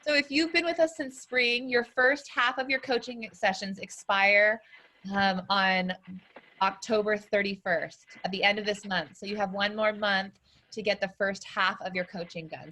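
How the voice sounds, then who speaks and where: Bright, upbeat woman coach. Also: mid-range voice. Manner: upbeat, encouraging, explains step by step. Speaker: business coach and co-host. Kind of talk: training call announcements.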